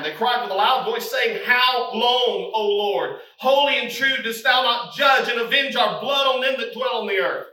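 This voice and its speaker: A man preaching a sermon, swinging from hushed, low passages to shouted, climbing appeals. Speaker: pastor. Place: church sanctuary. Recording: echoey room, mic from a distance.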